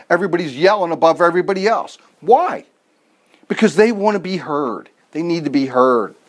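A man preaching a casual sermon, telling everyday stories and asking rhetorical questions, with self-deprecating asides. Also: a little high. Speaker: pastor.

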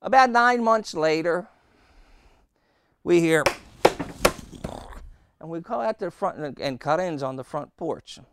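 Storytelling male preacher, crisp voice. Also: a little high, expressive, a little slow, long pauses. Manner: storytelling with rhetorical questions and acted quotes. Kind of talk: sermon.

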